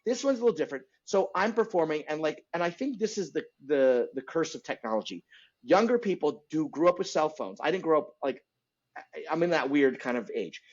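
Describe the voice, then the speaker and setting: A middle-aged man, a comedian, telling stories in a lively podcast chat and acting out the people in them. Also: a little high, a little fast, highs cut off. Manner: animated, acts out voices. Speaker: comedian guest. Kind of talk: storytelling in casual chat.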